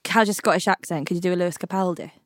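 A woman's voice: lowish voice, steady tone, racing, dry recording, studio quality. A young woman from England co-hosting a podcast, bubbly and playful, laughing often and breaking into sing-song bits. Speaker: podcast co-host. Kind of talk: giddy casual chat.

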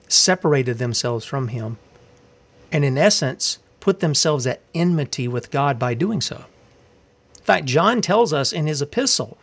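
A man's voice: fairly high pitch, vocal fry. A man preaching a sermon, fiery and confrontational, asking rhetorical questions and reading scripture aloud.

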